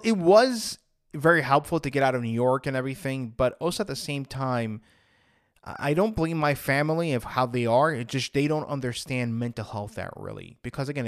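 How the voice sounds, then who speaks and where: A man in his thirties talks through his own story as a podcast host, with a voice of ordinary middle pitch. He is candid and rambling and often restarts a phrase. The sound is close and dry, with no room around it. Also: no room sound. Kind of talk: personal storytelling monologue.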